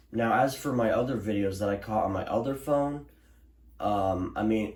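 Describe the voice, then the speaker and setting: A young man talks casually to his viewers, rambling, restarting sentences and filling gaps with ums. His voice sits low. The room around him is echoey. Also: a little mellow. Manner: rambling, many restarts and fillers. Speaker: weather alert vlogger. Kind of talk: casual recap to camera. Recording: roomy echo.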